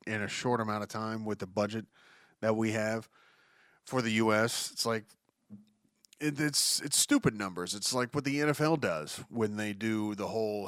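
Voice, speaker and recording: A man's voice: fairly low pitch, expressive, normal speed, fairly bright tone, no echo, studio quality. A man hosting a solo podcast, reading news and ranting about it in a profane, exasperated way, often restarting his sentences. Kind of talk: casual news commentary.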